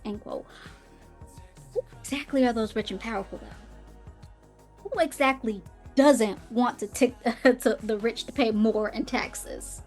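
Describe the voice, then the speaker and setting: A woman hosting her own podcast, reading quotes aloud and answering them with sarcastic, emphatic commentary and laughs. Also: on the high side. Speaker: podcast host.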